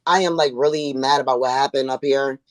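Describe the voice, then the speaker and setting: A woman's voice: extremely low pitch, steady tone, no room sound. Woman from buffalo on a call-in, rambles, lots of "like", dry close sound. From Buffalo, New York. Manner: rambling, halting, many fillers. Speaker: caller. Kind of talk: heated call-in debate.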